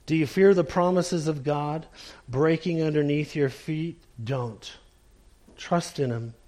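A male pastor delivering a sermon in a somewhat high voice. He preaches slowly and with emphasis, leaning hard on key words and then letting some lines fall quiet.

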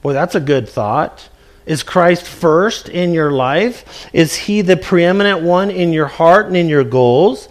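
Male pastor, high voice, slow and deliberate, earnest preaching with rhetorical questions. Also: animated. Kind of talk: sermon.

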